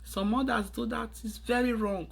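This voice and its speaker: A woman's voice: fairly high pitch, fairly even intonation, normal speed, gravelly, slightly rough. A Nigerian woman lecturing her viewers in an urgent, preachy tone, slipping into pidgin phrases. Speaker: vlogger giving advice. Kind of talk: earnest advice monologue to camera.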